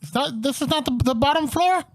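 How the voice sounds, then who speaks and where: Brief: man voicing a careless, high-voiced female dragon, airy drawl. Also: brisk, no echo. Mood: carefree. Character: rambling spacey female metal dragon.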